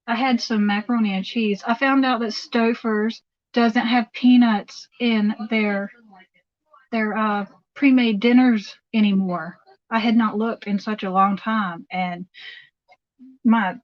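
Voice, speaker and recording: A middle-aged woman chats and rambles as she cooks in her kitchen, answering viewers on a phone livestream. The sound is dry and slightly dull, with her voice at a middle pitch. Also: dry recording. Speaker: livestream host. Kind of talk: casual chat while cooking. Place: home kitchen.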